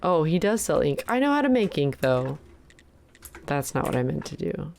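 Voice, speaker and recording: A woman's voice: sits low, sing-song, moderate pace, creaky, a little mellow, slight background noise. A young woman streaming a game, chatting casually, exclaiming and thanking viewers as she plays. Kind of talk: casual live-stream chat while playing.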